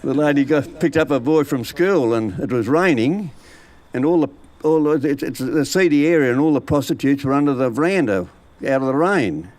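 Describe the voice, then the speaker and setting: A man's voice: medium pitch, lively intonation, moderate pace, darkish tone. A man telling jokes to an audience in a folksy, rambling way, chuckling at his own punchlines. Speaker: joke teller.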